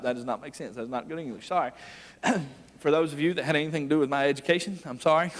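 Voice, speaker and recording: A man preaching a revival sermon, telling folksy stories with frequent laughs and building to loud, forceful preaching. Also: fairly high pitch, quick pace. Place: church sanctuary. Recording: long church hall reverb.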